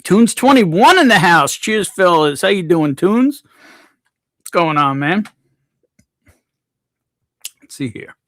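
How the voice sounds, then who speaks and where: A man's voice: high voice, expressive, slow pace, pauses often, fairly bright tone, no echo, studio quality. A man hosting a casual livestream, reading out viewers' names from the chat and greeting them one by one. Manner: reads chat names aloud, laid-back. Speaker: livestream host.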